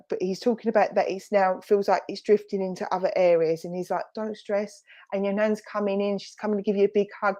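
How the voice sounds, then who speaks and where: A woman's voice: medium pitch, dark tone. A woman with a Romford accent working as a spiritualist medium, passing on spirit messages in a chatty, reassuring way during an online service. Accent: Romford, Essex. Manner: chatty, reassuring, with frequent fillers and self-corrections. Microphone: video call.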